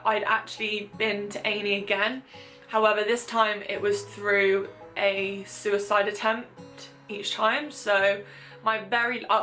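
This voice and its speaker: Speaking in a pushed, bright mid-range voice, this young woman with a British accent is vlogging in a casual, confessional way. Her talk is chatty and candid, full of fillers, swearing and jokes at her own expense.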